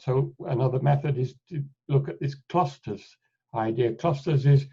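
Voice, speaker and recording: A man leads an online lecture, walking listeners through a software demo in an unhurried, measured way. He thinks aloud and often breaks off to restart a phrase. His voice sits at an ordinary pitch and comes through a computer mic as dull, lo-fi call audio. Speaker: webinar presenter. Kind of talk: live software demonstration lecture. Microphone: computer mic on a video call.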